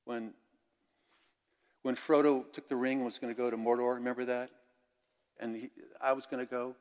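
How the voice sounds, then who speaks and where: Older male pastor, mid-pitched, candid conversational sermon, long reverb of a church sanctuary. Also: little pitch movement, moderate pace. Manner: candid, conversational preaching with swings between loud and hushed.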